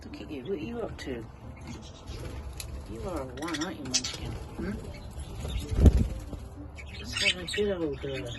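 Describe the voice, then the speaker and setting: A bird keeper in an outdoor aviary chats slowly and fondly with the budgies. The voice sits at a middle pitch and coaxes the birds in baby talk. Loud wind gusts roar over the mic while birds chirp behind. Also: animated. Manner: chatty, coaxing the birds in a fond baby-talk tone. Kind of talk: casual vlog chat. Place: outdoor aviary on a windy day.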